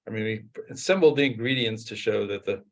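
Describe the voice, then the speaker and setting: A man in casual technical conversation about mathematics, speaking haltingly with frequent short assents. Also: fairly low pitch. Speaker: mathematician discussing research.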